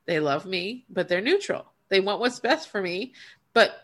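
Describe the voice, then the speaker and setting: A woman coach talks through ideas in a relaxed podcast chat. Her voice sits in a middle pitch. She sounds earnest and reflective, often restarting sentences as she reaches for emphasis. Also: normal speed. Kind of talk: casual spiritual chat.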